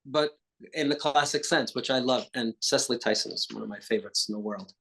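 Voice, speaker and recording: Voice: mid-range voice, brisk, fairly bright tone, husky. A festival interviewer speaking over a video call from rural Virginia, chatty, laughing often and praising the guest's work.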